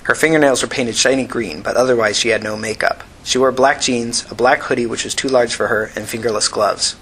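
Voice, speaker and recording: A man reading a story aloud in a steady, even way. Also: mid-range voice, fairly quick, slight background noise, poor audio. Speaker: narrator. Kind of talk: audiobook reading.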